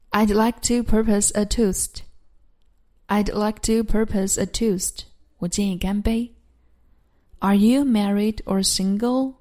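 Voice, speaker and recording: Female English tutor, measured drill delivery, unhurried, average pitch. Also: warm tone. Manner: repeats each phrase slowly and clearly, then translates. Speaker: English teacher. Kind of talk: slow phrase-drill lesson, English then Chinese.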